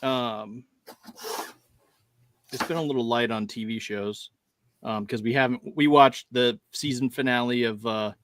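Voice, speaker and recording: A man's voice: mid-range voice, steady tone, measured pace, long pauses, fairly bright tone. A man co-hosting a podcast in casual chat, rambling along, laughing often and acting out lines he quotes. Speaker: podcast co-host.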